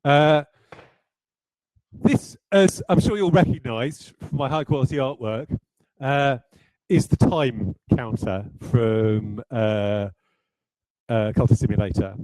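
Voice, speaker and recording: Rambling mellow-voiced game designer. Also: male voice, medium pitch, takes it slowly, pauses often, no room sound, rough recording. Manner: rambling, self-deprecating, many fillers and restarts. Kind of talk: livestreamed design talk.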